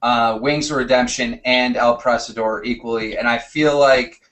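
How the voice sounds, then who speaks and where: A man's voice: medium pitch, fairly even intonation, moderate pace, a bit bright, low-quality recording. A man hosting a live show, moderating a call-in dispute with hesitant fillers. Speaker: host.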